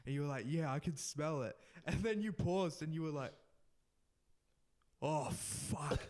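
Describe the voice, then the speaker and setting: A young man telling an animated story in casual podcast chat, often laughing and restarting his sentences. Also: fairly high pitch, unhurried, pauses often. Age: young adult. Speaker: podcast co-host.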